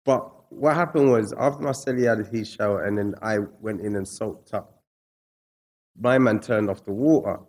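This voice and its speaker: A man from England, a guest speaking casually and reflectively about his past, slangy and lively when retelling stories. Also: lowish voice, normal speed. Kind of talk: casual storytelling interview.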